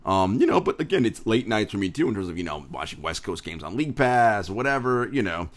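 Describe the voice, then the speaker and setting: A man hosting a podcast, chatting casually with a laid-back but animated manner. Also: lowish voice, fairly quick. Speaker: podcast host. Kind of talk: casual chat.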